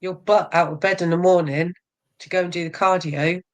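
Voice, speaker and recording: A woman's voice: fairly low pitch, fairly even intonation, fairly quick. A woman in her forties, a bodybuilder guest in a casual interview, frank and self-mocking, laughing often.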